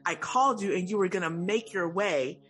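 A woman co-hosting a podcast, telling a funny story in an animated, laughing, chatty way. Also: lowish voice, fairly quick, breathy edge. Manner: animated, laughing, exclaiming, talks to listeners as "y'all". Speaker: podcast co-host. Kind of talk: casual chat, storytelling.

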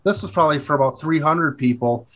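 Crude, animated man from Minnesota. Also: on the high side, fast talker. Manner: crude, animated storytelling with laughs. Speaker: podcast co-host. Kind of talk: casual chat.

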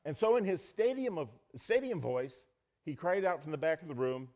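A middle-aged man preaching a sermon, telling stories and acting out quoted lines loudly. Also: a little high, normal speed, highs cut off. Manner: storytelling, animated, acts out quotes loudly. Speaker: pastor.

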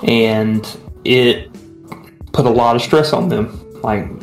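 A man's voice: mid-range voice, little pitch movement, takes it slowly, vocal fry. A man co-hosting a casual podcast, speaking in a laid-back, hesitant and rambling way. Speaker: podcast co-host. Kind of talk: casual chat. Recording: roomy echo, faint music.

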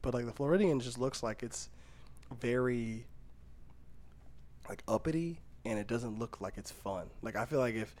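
A man's voice: mid-range voice, moderate pace, long pauses, darkish tone. A young man co-hosting a podcast, chatting loosely with lots of fillers and frequent laughter. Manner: rambling, laughs often, many fillers. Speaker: podcast co-host. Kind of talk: casual chat.

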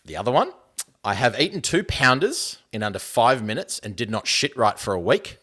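An Australian man co-hosting a sports podcast, chatting casually and setting up games with a light, jokey touch. His voice is bright and forward, at an ordinary pitch. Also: moderate pace, breathy edge. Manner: relaxed, jokey, presenting segments. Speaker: podcast co-host.

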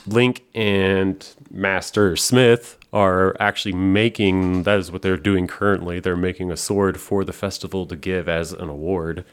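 A man with a very low voice hosts a podcast, talking loosely and at length. His speech is full of fillers like "like" and "um", and it is peppered with casual swearing. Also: steady tone, unhurried, hardly any pauses, smooth. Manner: rambling, profane, full of fillers. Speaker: podcast host. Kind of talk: casual chat.

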